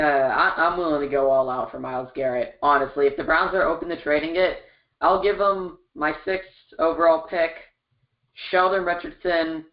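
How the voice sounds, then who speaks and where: A man's voice: medium pitch, echoey room, lo-fi sound. A man co-hosting a casual sports podcast, giving confident, emphatic opinions. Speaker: co-host.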